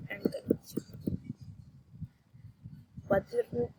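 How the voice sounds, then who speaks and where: A woman's voice: a little high, very animated, measured pace. A woman reading intonation drills aloud. She whispers the headings, then reads the example sentences with exaggerated rises and falls. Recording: recording with clear background noise.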